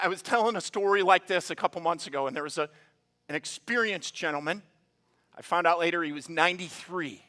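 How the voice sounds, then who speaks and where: A high-pitched man preaches in a church sanctuary, telling stories with quick asides and playful voices. His delivery is animated and conversational. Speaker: pastor. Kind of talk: sermon.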